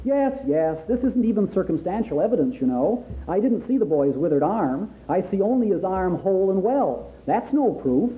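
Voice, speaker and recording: A man's voice: high voice, very animated, normal speed, hardly any pauses. A man reading the part of an arrogant, sarcastic spaceship captain, speaking sternly. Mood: scoffing. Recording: tinny phone-like sound.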